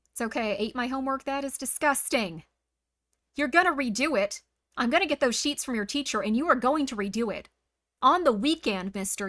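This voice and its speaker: A woman putting on a stern mother who loudly scolds her naughty children. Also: a little high, dry recording, clean studio sound. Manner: loud, scolding, bossy.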